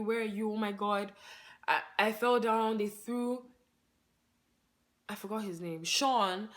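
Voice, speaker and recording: A woman telling a story on her vlog in a casual, excitable way, laughing along and saying "like" in nearly every phrase. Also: mid-range voice. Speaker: vlogger.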